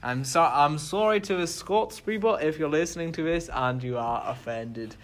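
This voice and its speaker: A man's voice: on the high side, normal speed. A British man co-hosting a casual political podcast, chatty and self-deprecating with frequent restarts. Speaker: podcast co-host.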